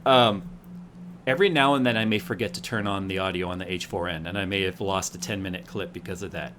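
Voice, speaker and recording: A man hosting a casual tech talk show, telling lively stories and acting out what people said. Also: low-pitched, fast, slight background noise. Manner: animated storyteller acting out quotes. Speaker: host. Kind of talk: casual chat.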